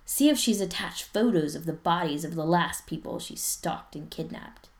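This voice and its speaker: A woman voicing a playful, teasing teenage boy who talks in an excitable, raised voice. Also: low-pitched, normal speed.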